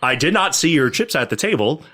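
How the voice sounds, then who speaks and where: A bright-voiced man in his thirties tells a long anecdote on a podcast, full of pitch swings as he jumps into other people's voices. His tone is lively and animated, with sudden high exclamations. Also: fairly quick. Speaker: podcast guest storyteller. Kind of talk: casual podcast storytelling.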